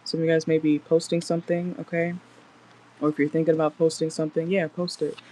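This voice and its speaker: A woman's voice: deep voice, level tone, fast talker, warm tone, rough recording. A woman doing a casual tarot reading in a car, chatty and blunt, swearing freely as she talks to viewers. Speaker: tarot reader.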